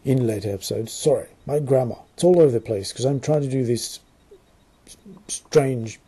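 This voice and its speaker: Aussie guy rambling a quick aside, fixing his own words, husky and deep. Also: dark tone. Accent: Australian. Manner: rambling, self-correcting. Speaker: channel host. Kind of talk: casual aside.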